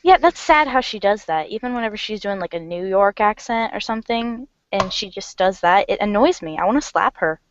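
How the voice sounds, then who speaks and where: A woman's voice: medium pitch, lively intonation, brisk, few pauses, a little hiss or hum. A young woman, likely still in school, talking bluntly and scornfully as a guest in a casual livestream chat. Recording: dry, dull lo-fi audio.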